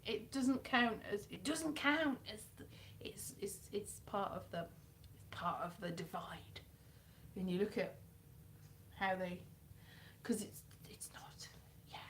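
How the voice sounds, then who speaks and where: A woman's voice: mid-range voice, fairly bright tone, slight background noise. A woman from South Wales, chatting casually and self-deprecatingly on a live stream.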